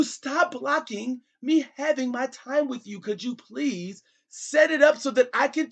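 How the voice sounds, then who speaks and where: A man's voice: very high-pitched, unhurried, gravelly, few pauses, a bit bright. A middle-aged man hosting a comedy show, talking as a father on a call in a pleading, repetitive, exasperated way.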